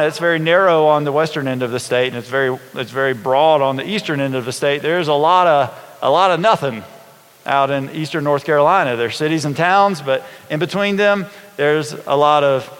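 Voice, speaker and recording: A man, a pastor, preaching a sermon in a relaxed storytelling way, often asking his congregation questions. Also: on the high side, smooth. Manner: conversational, folksy, asks the congregation questions. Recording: long hall reverb.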